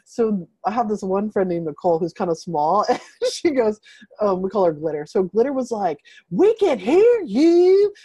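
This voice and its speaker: A woman's voice: medium pitch, brisk, slightly rough, no room sound, dull audio. A woman hosting a group video call, telling a story in a rambling, casual way full of fillers. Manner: rambling, filler-heavy, animated retelling.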